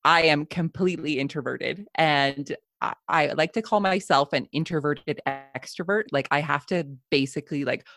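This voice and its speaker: A woman's voice: low-pitched, normal speed, few pauses, fairly bright tone, dry recording, clean studio sound. A Canadian woman from Southern Alberta, chatting casually as a podcast guest and laughing often. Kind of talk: casual interview chat.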